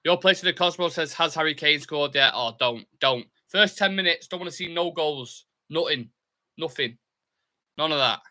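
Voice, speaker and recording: Speaking briskly with almost no pauses, this young fan-channel host has a slightly high voice. He runs a live football watchalong, chatting away, reading out viewer comments, and cheering his side in excited bursts.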